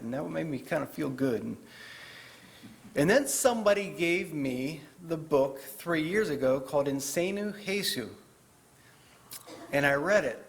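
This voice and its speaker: A man's voice: on the high side, expressive, normal speed, vocal fry. A man giving a chatty, joking talk as a guest author to a live audience in a parish hall. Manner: chatty, joking, with fillers and restarts.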